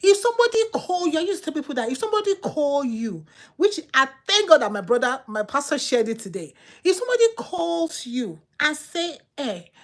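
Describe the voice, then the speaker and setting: A woman with a Nigerian accent and a high, very animated voice hosts a channel, speaking briskly. She gives casual, emphatic advice in a preachy tone, repeating points for effect.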